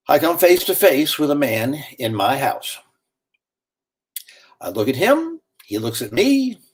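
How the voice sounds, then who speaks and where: A man narrates a dramatic first-person story with lively, theatrical timing. His voice is husky, and his pitch swings widely from low asides to high bursts. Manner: lively, animated delivery with sudden pitch swings.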